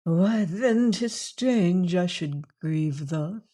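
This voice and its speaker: A reader voicing a fierce but wounded young woman who speaks softly and wearily in old-fashioned phrasing, for an audiobook. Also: mid-range voice, expressive, drawn-out words. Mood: fearful. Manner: soft, weary, archaic speech.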